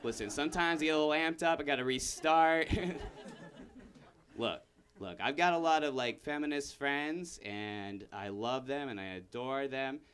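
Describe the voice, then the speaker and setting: A young man performing a stand-up comedy set, rambling and self-interrupting, bursting into shouted character bits. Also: medium pitch, a little slow, smooth. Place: comedy room with live audience.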